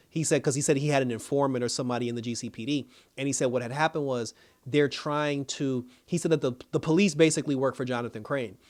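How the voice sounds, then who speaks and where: Fast-talking man recapping a TV episode. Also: medium pitch. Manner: animated storytelling, acts out characters' lines, laughs while talking. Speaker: TV episode reviewer. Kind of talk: casual spoken recap.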